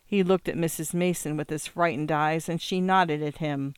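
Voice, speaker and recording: A reader giving measured, scripted narration of a novel. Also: medium pitch, fairly even intonation, smooth, no room sound, studio quality. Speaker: audiobook reader.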